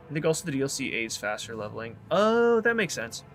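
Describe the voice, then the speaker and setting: A man's voice: medium pitch, big pitch swings, fast talker, hardly any pauses, fairly bright tone, faint music behind. A man streaming a video game, chatting and thinking aloud as he plays. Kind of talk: casual gameplay commentary.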